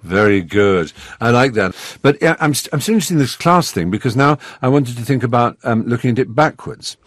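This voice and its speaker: A man with an upper-class English accent hosting a radio interview, talking in an animated way with wry asides. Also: mid-range voice, a little fast, no echo, clean studio sound. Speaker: radio host.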